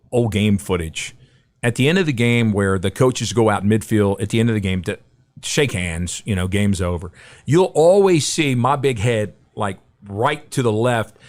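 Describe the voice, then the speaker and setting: Appearing as a guest broadcaster on a podcast interview, a middle-aged man with a lowish voice shares anecdotes, performing the quoted lines himself.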